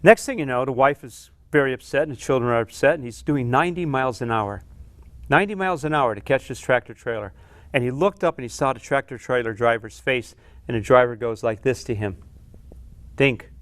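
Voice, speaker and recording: A man's voice: mid-range voice, quick pace, no room sound. Tv talk show guest, a man telling a story kind of earnestly, mid voice, dry studio sound. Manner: earnest storyteller, acts out quoted dialogue. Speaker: psychologist guest.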